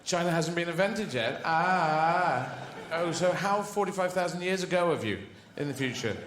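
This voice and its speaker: A man's voice: fairly high pitch, expressive, moderate pace, a bit bright. A man playing an unimpressed cavewoman wife who scolds her husband. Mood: scolding. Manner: scolding, dismissive. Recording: echoey venue with faint ambience.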